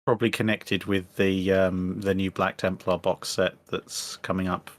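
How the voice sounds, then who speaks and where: Casting: man with a lowish voice, podcast guest, halting delivery, wry. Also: little pitch movement. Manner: hesitant, self-deprecating humor. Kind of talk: casual chat.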